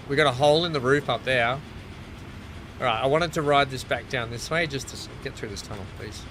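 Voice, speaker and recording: A streamer with a medium-pitched voice talks briskly while playing a game, chatting casually and telling animated stories with frequent laughs. The recording is low quality, with a little hiss or hum.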